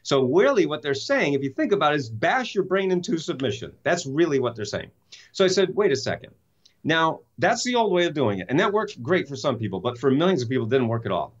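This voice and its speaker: A man's voice: on the high side, sing-song, a little fast, lo-fi sound. A man speaking as an interview guest, telling a story with enthusiasm and emphatic rhetorical questions. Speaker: guest, self-help author and speaker.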